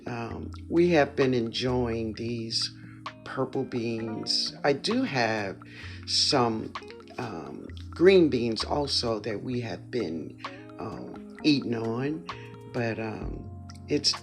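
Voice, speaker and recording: Unhurried New Orleans gardener, chatty. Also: mid-range voice. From New Orleans, USA. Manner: chatty and enthusiastic, often talks to viewers as "y'all". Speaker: home gardener, channel host. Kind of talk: casual gardening vlog. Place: backyard garden outdoors.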